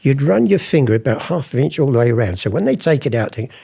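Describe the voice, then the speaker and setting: A man's voice: mid-range voice, lively intonation, fast talker, vocal fry, dark tone, husky. An older man, chatty in an interview, acting out old conversations as he tells his stories. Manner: chatty, acts out past conversations in different voices. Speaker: interviewee, former art forger. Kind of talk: anecdotal interview storytelling.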